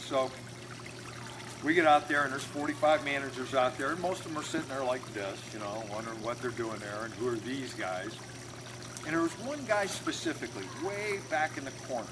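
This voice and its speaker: A man's voice: medium pitch, brisk, noisy background. A man working as an automotive recruiter and trainer, casually telling an anecdote and acting out the people in it. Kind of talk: storytelling talk to camera.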